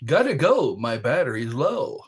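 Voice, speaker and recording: A man's voice: medium pitch, sing-song, measured pace, husky. A man hosting a live stream, chatting in a rambling, playful way while he snacks and spells words out.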